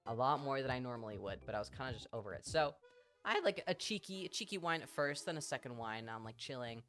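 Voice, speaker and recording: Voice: medium pitch, animated, fast talker, fairly bright tone, faint music behind. A streamer telling a story in casual chat on a live stream, chatty and swearing freely.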